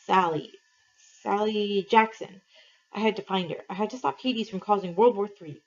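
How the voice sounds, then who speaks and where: Reading a novel to her students, a medium-pitched woman teacher delivers the text in an expressive, measured way. It's captured in a dull, lo-fi recording.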